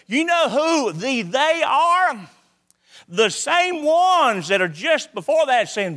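High lively preacher, slow and bright. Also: male voice. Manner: dramatic, swings from loud to hushed. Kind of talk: sermon.

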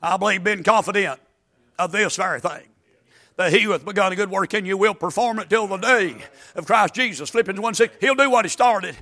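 A man preaching a fiery sermon, with a weak, worn voice, swinging from folksy asides into chanted, shouted climaxes. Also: high voice, a little fast.

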